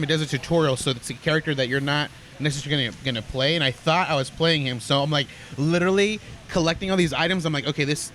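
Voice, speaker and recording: A man's voice: on the high side, fairly bright tone, a little hiss or hum. A man co-hosting a casual podcast, describing things in a rambling way with many fillers. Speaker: podcast co-host.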